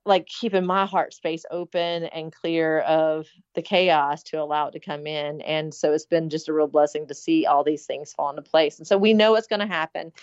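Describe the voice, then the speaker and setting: A woman's voice: low voice, steady tone, moderate pace, few pauses, clean tone, no echo. Earnest rambling woman, dull lo-fi. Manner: earnest, rambling, many fillers. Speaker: interview guest planning a hospital. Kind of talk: casual interview talk. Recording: dull lo-fi sound.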